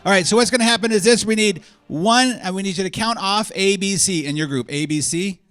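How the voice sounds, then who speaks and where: A man hosting a live stage event, calling names and directing a game with energetic, joking instructions. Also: high voice, a little fast, clean tone, no room sound. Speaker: host. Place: convention stage before a live audience.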